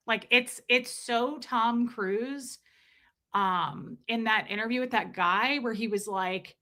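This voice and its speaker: A woman's voice: fairly high pitch, unhurried, bright, forceful tone. A middle-aged woman hosting a casual livestream, talking emphatically, repeating herself and breaking off to greet viewers in chat. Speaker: livestream host reading chat.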